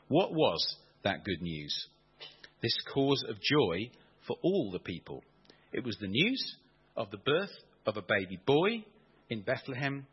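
Lively, playful male preacher, dull recording. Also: medium pitch, slightly rough. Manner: animated, playful with emphasis, asks the congregation questions. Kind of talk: sermon.

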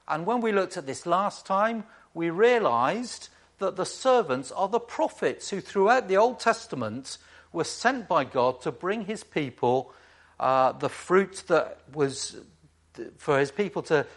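A man's voice: on the high side, fairly bright tone. A man preaching a sermon in a conversational way, with rhetorical questions and dry asides to the congregation.

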